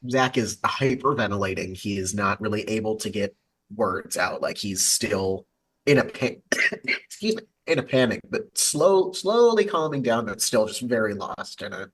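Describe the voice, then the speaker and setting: A man playing a tabletop game who narrates slowly and deliberately with fillers. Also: lowish voice, animated, a bit bright, husky. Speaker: player. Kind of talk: in-character tabletop role-play.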